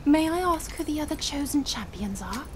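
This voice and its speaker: A woman voicing a gentle, protective young fish-like princess in a game cutscene, soft and earnest. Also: high voice, expressive, a little fast, background noise.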